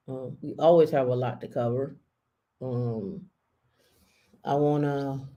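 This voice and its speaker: A woman's voice: extremely low pitch, mellow. A woman hosting a live stream, chatting casually and talking straight to her viewers. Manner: chatty, addresses viewers directly.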